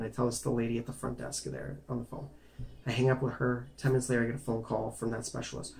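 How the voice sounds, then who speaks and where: A man's voice: mid-range voice, quick pace, gravelly. A man casually recounting a personal medical story, rambling and conversational, with many restarts and fillers. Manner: animated and emphatic in tense moments.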